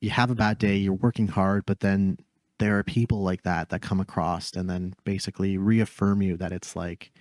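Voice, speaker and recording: Deep-voiced man musing thoughtfully. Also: level tone, darkish tone, no echo, studio quality. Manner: reflective, measured musing. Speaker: podcast co-host. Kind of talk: casual podcast chat.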